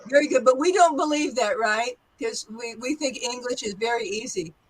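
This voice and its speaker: A woman's voice: on the high side, moderate pace, breathy edge, low-quality recording. Encouraging woman teaching pronunciation. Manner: encouraging, drills phrases, laughs often. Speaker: English teacher. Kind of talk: interactive pronunciation lesson.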